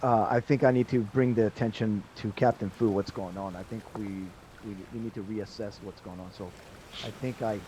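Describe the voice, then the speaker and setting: A man's voice: fairly low pitch, steady tone, normal speed, mellow, slight background noise, poor audio. Earnest male tabletop player. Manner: earnest, thinking aloud. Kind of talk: casual tabletop play.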